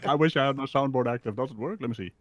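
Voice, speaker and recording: A man's voice: mid-range voice, rapid-fire. A man in a casual podcast chat, teasing the others and laughing often.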